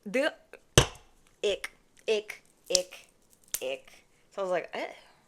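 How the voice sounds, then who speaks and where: A woman's voice: mid-range voice, sing-song, slow pace, very noisy. A young woman telling a storytime to her viewers on her own mic, chatty and sassy, often mimicking other people in mock voices. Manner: sassy, addresses viewers as babes and y'all. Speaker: vlogger. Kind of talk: casual storytime monologue. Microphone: personal microphone.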